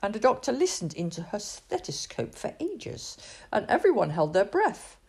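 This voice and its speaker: A woman reads a children's storybook aloud, expressive and sing-song. Her mid-range voice has vocal fry and a breathy edge, and she keeps a moderate pace.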